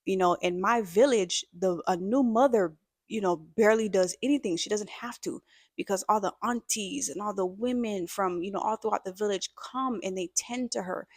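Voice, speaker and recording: A woman's voice: medium pitch, normal speed, no echo, studio quality, close to an everyday voice. A woman voicing a sympathetic man from a village who earnestly explains how new mothers are cared for.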